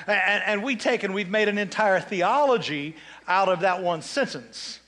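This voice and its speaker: A male pastor with a high, bright voice delivers a sermon. He slows right down to read scripture and leads the congregation in repeating lines. Between passages he drops into casual, joking asides. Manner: preaching with call-and-response, reading scripture slowly; conversational asides and humor.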